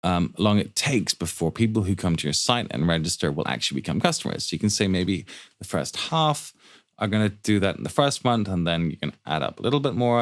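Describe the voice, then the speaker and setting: Fast, joking man walking through spreadsheets. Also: sits low, no echo, studio quality. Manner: quick, joking asides and rhetorical questions. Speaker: startup finance instructor. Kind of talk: fast screen-share walkthrough of a spreadsheet.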